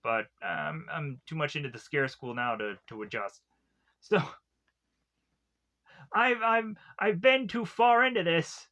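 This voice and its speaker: A man talks through a cartoon episode, rambling and loose, with filler words in nearly every sentence. His voice sits a little high and sounds bright and forward. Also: measured pace, pauses often. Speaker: cartoon reviewer. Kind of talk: casual episode recap.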